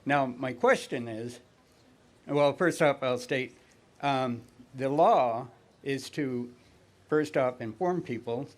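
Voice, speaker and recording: A man from the audience at a campus debate, building his question slowly with pauses and restarts. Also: medium pitch. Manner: halting, many fillers and restarts. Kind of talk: debate Q&A at a mic.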